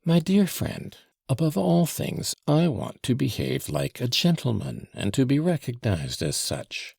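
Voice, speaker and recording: A man voicing the devil in an audiobook, a fawning gentleman visitor who mocks in mock-polite, ingratiating tones. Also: medium pitch, sing-song, measured pace, vocal fry, husky, dry recording, clean studio sound, full character voice. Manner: mocking, fawning, mock-polite, with French flourishes. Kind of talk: audiobook character reading.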